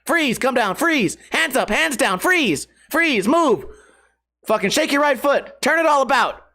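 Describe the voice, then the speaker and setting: A man imitating a male police officer who barks one rapid order after another. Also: very high-pitched, animated, sharp tone, pitched above the performer's own voice, exaggerated voice. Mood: barking orders. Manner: rapid repeated commands.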